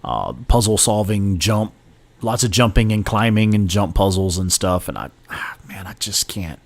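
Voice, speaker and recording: A man's voice: fairly low pitch, animated, moderate pace. A man with a Texan accent chatting casually while playing a game on a stream, laid-back and laughing often. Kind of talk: casual chat while gaming.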